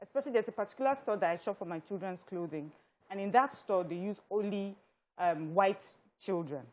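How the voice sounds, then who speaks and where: A woman arguing her view on a studio panel at a middle pitch. She talks animatedly, often restarting and correcting herself mid-sentence. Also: brisk, a little mellow.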